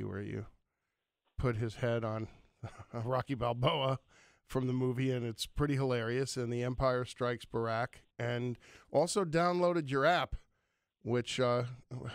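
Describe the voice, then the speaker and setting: Male radio host, gravelly and dry studio mic, jokey and self-mocking. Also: medium pitch, steady tone, a little slow, no room sound. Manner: jokey, self-deprecating, with fillers. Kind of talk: casual radio interview. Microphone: studio microphone.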